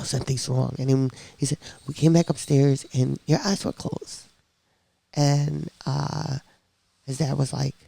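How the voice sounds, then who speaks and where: A woman on a podcast telling her own story in a casual, lively way, acting out the voices of people she quotes. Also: rumbling low, creaky, slightly rough, no room sound.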